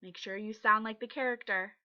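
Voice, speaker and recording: A woman's voice: medium pitch, steady tone, fairly quick, bright, forceful tone, highs cut off. A woman teaching young children to read, patient and encouraging as she sounds out letters. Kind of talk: reading lesson for young children.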